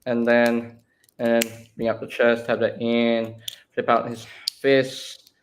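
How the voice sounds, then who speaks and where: A man's voice: medium pitch, completely flat delivery, slow, a little hiss or hum. A man co-hosting a casual live stream, explaining a toy's transformation step by step. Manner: step-by-step explaining while handling a toy.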